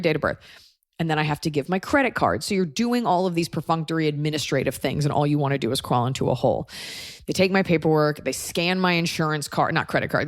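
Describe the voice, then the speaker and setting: A woman's voice: low voice, no echo, studio quality. A woman hosting a podcast, telling a personal story in a wry, conversational way and acting out what others said. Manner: wry, conversational, acts out quoted voices. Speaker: podcast host. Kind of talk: comedic storytelling monologue.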